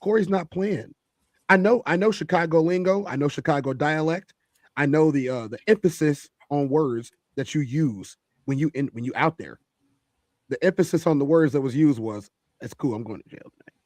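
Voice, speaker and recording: A man's voice: on the high side, moderate pace, dry recording. A man hosting a reaction commentary, emphatic and repeating phrases for effect. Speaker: host.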